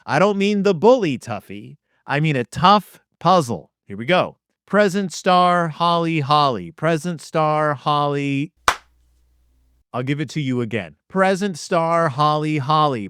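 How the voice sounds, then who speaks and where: A man comically reading through a children's activity book, quizzing listeners in a playful, mock teacher-like deadpan. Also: on the high side, clear, resonant tone, dry recording, studio quality. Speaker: comedic podcast host.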